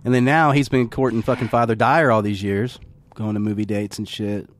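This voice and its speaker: A man's voice: on the low side, level tone, brisk, slight background noise. A man co-hosting a podcast, chatting loosely about a film, swearing freely, laughing and acting out lines from it. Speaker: podcast co-host. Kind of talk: casual film discussion.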